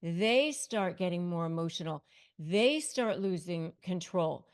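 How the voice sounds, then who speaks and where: A woman's voice: lowish voice, lively intonation, a little slow, clear, resonant tone. A middle-aged woman, a lawyer and negotiation coach, giving emphatic, repetitive advice straight to camera. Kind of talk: direct-to-camera advice talk.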